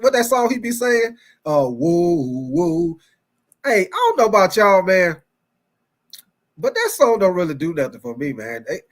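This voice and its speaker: A young man with a drawl hosts a loose sports talk show in a fairly high voice. He rambles in an animated way, laughs often and circles back to repeat his lines as he calls out to viewers. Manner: animated, laughing often, repeats phrases, reads live chat. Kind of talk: casual chat.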